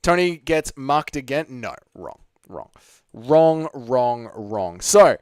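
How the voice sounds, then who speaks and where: A man's voice: medium pitch, very animated, slow, clean tone, dry recording. A young man hosting a casual live stream, chatting and reading out viewer comments with plenty of swearing. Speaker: livestream host.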